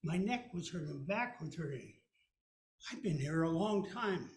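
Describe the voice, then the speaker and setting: A man in his seventies telling a childhood story live to an audience, animated and folksy. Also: on the high side, a little slow. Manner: animated, folksy, plays many voices. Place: storytelling event hall. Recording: echoey room.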